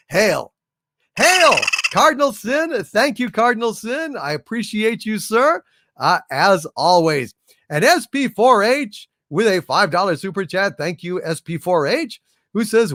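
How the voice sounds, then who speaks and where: A man hosts a casual livestream, chatting and warmly, frequently thanking viewers for their messages. His voice sits high with a sing-song quality and a measured pace, in clean studio sound without echo.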